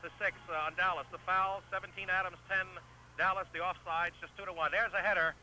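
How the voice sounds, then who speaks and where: A man calling a live soccer match play by play, who gets excitable and shouts the goals, on an old broadcast recording. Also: high voice, brisk, a little hiss or hum, poor audio. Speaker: play-by-play commentator.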